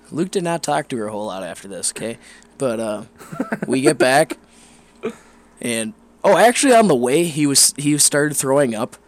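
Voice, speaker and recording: A young man telling a long, rambling, profane story with animated energy in a casual podcast chat. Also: mid-range voice, normal speed, pauses often.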